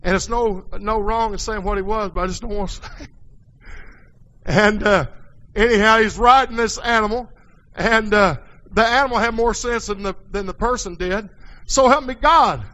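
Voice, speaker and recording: A man preaching a folksy sermon in a church, dropping quiet and then rising to hollering. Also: sits high, fairly even intonation, normal speed, low-quality recording.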